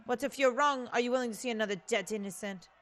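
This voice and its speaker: A woman's voice: a little high, fast talker, fairly bright tone, soft background music, lightly acted. Earnest falcon defense lawyer; woman voicing.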